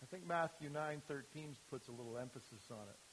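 A man's voice: mid-range voice, fairly quick, a bit bright, slight background noise, rough recording. A man giving an informal sermon as a youth ministry speaker, talking conversationally with many fillers and restarts.

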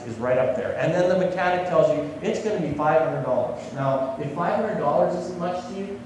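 A man's voice: a little high, a little mellow, slight background noise. A man preaching a sermon, speaking conversationally and putting questions to his listeners. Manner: conversational, asks the congregation questions. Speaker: pastor. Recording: echoey hall, voice from far off.

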